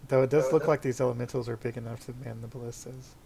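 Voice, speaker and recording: A man runs a tabletop game as game master, laying out each scene in slow, descriptive narration. His voice stays flat and even at a middle pitch. Faint noise sits behind him. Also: gravelly.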